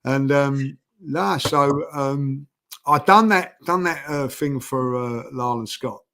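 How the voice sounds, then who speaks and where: An older man tells stories in a loose, rambling way. He circles back, repeats himself and leans on fillers as he goes. His voice sits at an ordinary middle pitch. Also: takes it slowly, sharp tone, a little hiss or hum. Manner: rambling, many fillers and restarts. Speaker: podcast guest. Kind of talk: casual storytelling chat.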